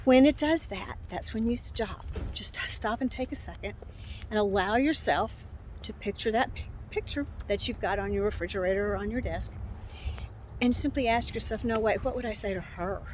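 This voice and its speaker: Gentle encouraging woman in her sixties. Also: mid-range voice, moderate pace, slight background noise. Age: 60s. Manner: gentle, encouraging, repeats phrases and restarts. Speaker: self-help coach. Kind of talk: casual instructional talk to camera. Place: outdoors on a bright day.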